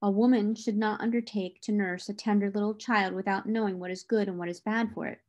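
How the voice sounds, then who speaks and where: A woman reading the part of Tom, a kindly gardener who speaks low and gentle. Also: steady tone, fairly quick, highs cut off, lightly acted. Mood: grumbling.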